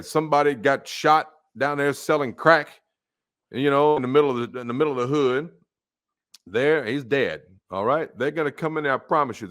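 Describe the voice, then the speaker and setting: Guy preaching fire and brimstone, mid pitch, mocking, goes quiet then loud. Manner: blunt, mocking, swings from low muttering to loud outbursts. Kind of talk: fiery street-style sermon.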